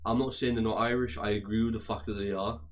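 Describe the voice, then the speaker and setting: A man's voice: fairly low pitch, fairly even intonation, fast talker. A man ranting heatedly to his audience, swearing often and repeating and restarting his phrases. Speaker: vlogger. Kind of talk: angry profane rant to camera.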